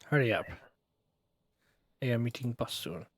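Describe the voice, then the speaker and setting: A man's voice: mid-range voice, lively intonation, measured pace. A man voicing a stern male border inspector in a put-on Russian accent, with clipped, curt commands.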